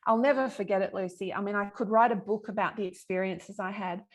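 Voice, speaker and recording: A woman's voice: medium pitch, steady tone, fast. A middle-aged woman, a guest on a podcast, telling her personal story in an earnest, emphatic way with frank swearing. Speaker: podcast guest, yoga teacher and healer. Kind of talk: candid personal storytelling in conversation.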